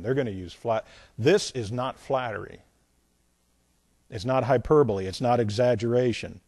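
A man of medium pitch teaches a Bible lesson as a pastor, emphatic and repetitive, swinging between loud points and quiet asides. He is unhurried, leaves long pauses, and the recording is dry.

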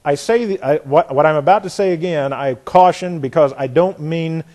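Emphatic, fairly high-voiced male preacher. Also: moderate pace, darkish tone. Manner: emphatic, repeats key phrases. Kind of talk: expository sermon.

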